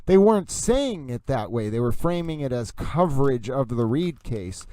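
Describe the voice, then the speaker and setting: A man's voice: mid-range voice, big pitch swings, moderate pace, warm tone, dry recording. A man hosting a casual livestream, reading viewer comments aloud and answering them in a rambling way with many fillers. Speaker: livestream host reading chat.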